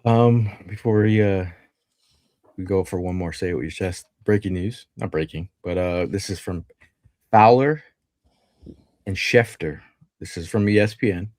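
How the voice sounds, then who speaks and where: A man's voice: low-pitched, a little slow, pauses often, darkish tone, dry recording, studio quality. A man with a Philadelphia accent hosting a live sports podcast, chatting casually and reading out viewer comments and news quotes. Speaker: podcast host.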